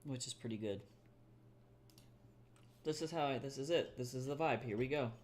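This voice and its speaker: A man's voice: mid-range voice, moderate pace, darkish tone. A young man chatting casually to viewers on a live art stream, loose and self-deprecating, swearing freely and laughing easily. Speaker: artist live-streaming, reading chat.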